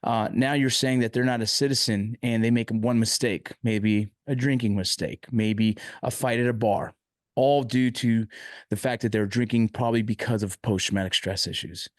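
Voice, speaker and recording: A man's voice: mid-range voice, steady tone, moderate pace, dry recording, clean studio sound. A man hosting an interview podcast, speaking with emotion and frustration and often stopping and restarting. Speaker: podcast host.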